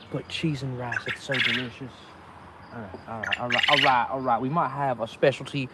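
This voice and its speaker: A man vlogging outdoors as he inspects his beehives, chatting casually and talking to the bees. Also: mid-range voice. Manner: chatty, talks to the bees, exclaims often. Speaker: beekeeper vlogger. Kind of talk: casual running commentary. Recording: outdoor noise in background.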